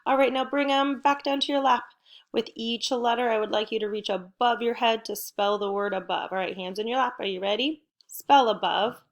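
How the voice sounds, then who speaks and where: A middle-aged woman teaching a recorded home lesson to first graders, upbeat and encouraging, speaking slowly and clearly for children. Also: fairly high pitch, steady tone.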